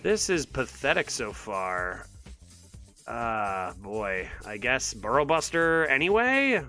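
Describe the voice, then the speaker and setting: A man giving live commentary on a card game to his chat, thinking aloud with exasperated sarcasm. His pitch swings widely and his tone is bright and forceful. Faint music plays behind him. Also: big pitch swings, takes it slowly, long pauses. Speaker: streamer.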